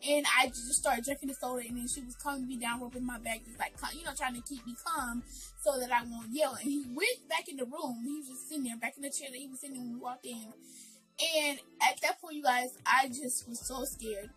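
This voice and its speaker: Woman doing an emotional storytime vid, high voice, lots of "like" and "you guys". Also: fairly even intonation, a little fast, sharp tone, faint music behind, low-quality recording. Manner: earnest, addresses viewers directly, many fillers. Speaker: vlogger.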